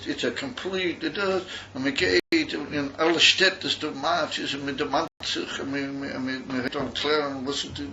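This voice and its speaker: A man's voice: fairly high pitch, steady tone, measured pace, few pauses, pushed and bright. An older man from Australia, telling a meandering story at a yeshiva gathering and mixing in Yiddish words. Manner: meandering, repeats and restarts, mixes in Yiddish words. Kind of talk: rambling storytelling talk. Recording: dull, noisy recording.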